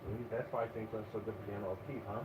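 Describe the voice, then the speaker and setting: A man's voice: lowish voice, little pitch movement, rapid-fire. A man running a tabletop game as game master, narrating and chatting in a wry, conversational way. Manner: wry, conversational, laughs often. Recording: echoey, far from mic, phone-like, noisy.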